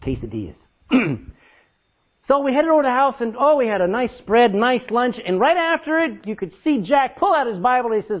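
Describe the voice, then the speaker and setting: Loud, animated male preacher. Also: very high voice, moderate pace, dull audio. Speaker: pastor. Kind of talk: storytelling sermon.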